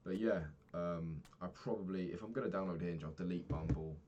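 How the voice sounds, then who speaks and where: A man's voice: sits low, fairly quick, lo-fi sound, noisy background. A young man in his twenties talking frankly in a rambling daily vlog, swearing casually and filling gaps with ums. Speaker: vlogger.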